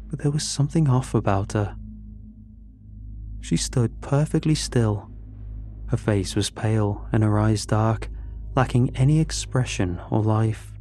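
A man telling a first-person horror story in a calm, measured scripted narration. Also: on the low side.

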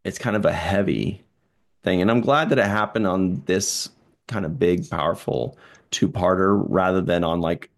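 A man's voice: low-pitched, moderate pace. A man co-hosting a casual chat show, laughing often and acting out lines in silly voices. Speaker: podcast co-host.

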